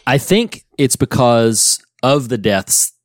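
A man's voice: medium pitch, lively intonation, takes it slowly, no room sound, studio quality. A man co-hosting a podcast, chatting casually about a horror film with many fillers and restarts. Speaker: podcast co-host.

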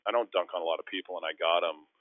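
A former pro basketball player with a low voice talks rapid-fire on a casual call, telling rambling, self-deprecating stories full of restarts. The audio is tinny like a phone line and dry, with no room sound.

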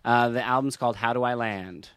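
Man, comedian guest, rambling storyteller, mid pitch, dry close mic. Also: a little fast, fairly bright tone, smooth, no room sound. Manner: laid-back, rambling storyteller. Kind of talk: casual podcast chat.

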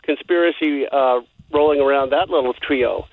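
A man from Oregon calling in to a radio show, speaking in a hesitant, halting way with frequent chuckles. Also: mid-range voice. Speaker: caller. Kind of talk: phone-in conversation. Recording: tinny phone line.

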